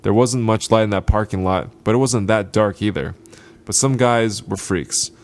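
A podcast host reads a gritty short story aloud, lingering over each line. His fairly low, steady voice has a deliberate, unhurried delivery.

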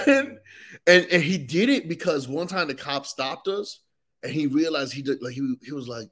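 A man's voice: fairly high pitch, animated, normal speed, a bit bright. A man, a comedian guest on a podcast, in casual chat, slangy and saying "bro" a lot.

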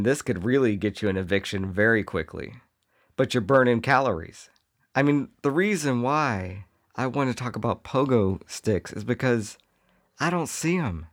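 Comedic man riffing on a podcast. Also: mid-range voice. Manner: riffing, jokey, puts on quick voices for imagined people. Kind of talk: solo comedic monologue.

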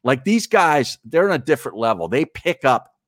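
A man's voice: mid-range voice, very animated, moderate pace, no echo, clean studio sound. A man hosting sports talk radio who steers the conversation, easygoing with frequent "uh" and "you know.".

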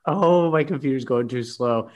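A man's voice: mid-range voice, normal speed. Teasing man cohosting a podcast. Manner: teasing, hesitant restarts. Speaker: podcast co-host. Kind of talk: casual chat.

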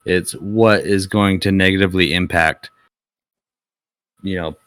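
A young man with a very low, deep voice rants bluntly on a podcast, swearing freely as he talks. The sound is close and dry, with no room echo. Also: fairly even intonation, a little slow, a bit bright. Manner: blunt, profane, ranting. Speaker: podcast co-host. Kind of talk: casual chat.

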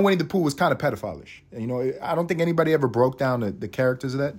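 A man hosting a podcast, ranting comedically in a profane, excitable way and laughing often. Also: medium pitch, fast talker, few pauses. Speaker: podcast host. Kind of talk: comedic rant.

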